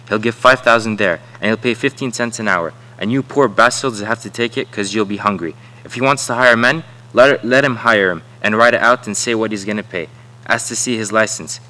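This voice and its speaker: A man's voice: on the low side, a little fast, sharp tone, rough recording. A man reading as a defiant farm laborer. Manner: blunt, insistent demands.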